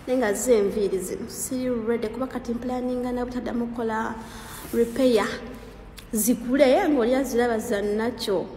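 A woman telling stories in a casual, animated monologue, often laughing as a TikTok creator. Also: a little high, fairly quick, roomy sound, in a large hall, a little hiss or hum. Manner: animated, laughing, mixing languages.

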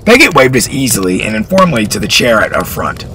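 A man reading historical fiction aloud in an expressive storytelling style. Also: mid-range voice, quick pace, slight background noise, rough recording.

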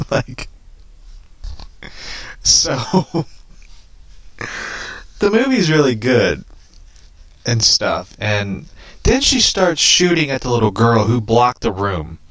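A man's voice: medium pitch, slow, long pauses, no room sound. A man casually rambling about a movie he watched, swearing often and laughing at his own remarks. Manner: animated, profane, laughing often. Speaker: vlogger.

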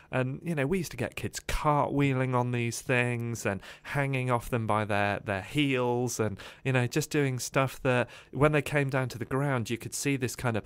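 A man telling his life story as a podcast guest in an animated way, with many "uh" fillers. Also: medium pitch, clear, resonant tone, dry recording.

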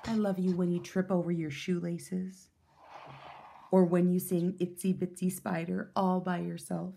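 A woman reading a children's picture book aloud in a gentle, soothing way. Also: on the low side, flat delivery, measured pace, gravelly, slightly rough. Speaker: storyteller.

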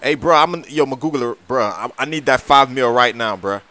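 A man's voice: medium pitch, brisk, bright, forceful tone, pitched below the performer's own voice, close to an everyday voice. A man voicing a nervous young man in a video game skit who mumbles in slang and keeps saying "bruh". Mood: pleading.

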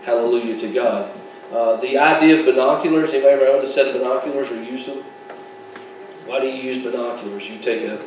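A man's voice: medium pitch, a little mellow, slight background noise. A man preaching a sermon as pastor, folksy and joking, with asides and laughs. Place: church sanctuary. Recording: echoey church hall, mic at a distance.

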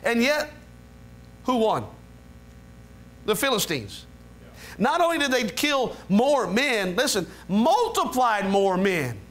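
A man preaching a sermon as pastor, with quiet prayer passages and rising, emphatic build-ups. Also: big pitch swings, slow pace, long pauses. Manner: leads a quiet low prayer. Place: church sanctuary.

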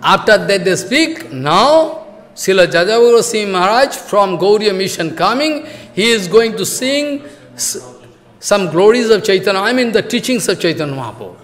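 A man with a high voice tells a devotional story in simple non-native English. He acts out the quotes and keeps asking his listeners if they follow. The voice hangs in a long echoing hall. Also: very animated, normal speed, fairly bright tone. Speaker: spiritual teacher.

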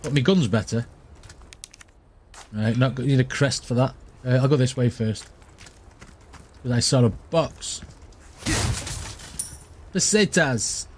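A man giving excitable gaming commentary, shouting and laughing at the action as he plays. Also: medium pitch, slow pace, long pauses, slight background noise. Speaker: gaming streamer.

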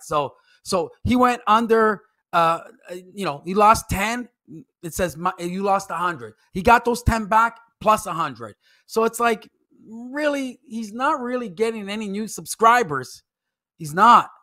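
A man's voice: extremely high pitch, sharp tone. A man delivering a heated, mocking commentary rant, full of profanity and phrases he repeats for emphasis. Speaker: commentary YouTuber. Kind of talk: ranting commentary vlog.

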